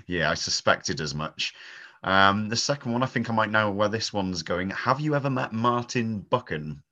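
A man with a very low voice but a bright, forceful edge hosts a podcast. He puts casual questions to his guest in a light, amused manner. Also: expressive, unhurried, highs cut off. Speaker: podcast host.

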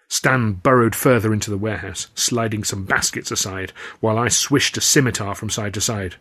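A man reading his own novel aloud, with measured, wry storytelling. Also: fairly low pitch, fairly bright tone, breathy edge. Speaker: author and reader.

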